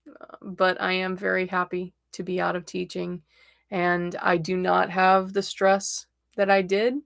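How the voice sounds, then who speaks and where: A woman's voice: lowish voice, completely flat delivery, a little slow, creaky, a bit bright, no echo, studio quality. A middle-aged woman from Florida, a tarot reader chatting casually on her livestream and laughing often.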